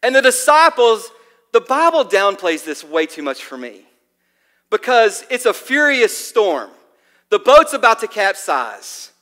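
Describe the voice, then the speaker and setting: A pastor delivers a casual, animated sermon with a high, bright voice. He tells the story with loose, chatty fillers, and a long reverb from the church hall trails each phrase. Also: a little slow.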